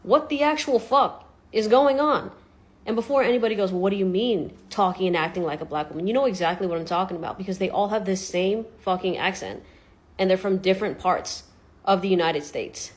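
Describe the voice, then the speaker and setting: A woman ranting on social media, exasperated and full of swearing. Her voice sits in an ordinary middle pitch. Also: a little fast. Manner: exasperated, profane.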